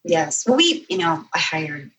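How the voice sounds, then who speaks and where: A woman author, a guest on a podcast, telling a story in casual, animated chat and correcting herself as she goes. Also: deep voice, low-quality recording. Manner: animated storyteller, quick asides and self-corrections.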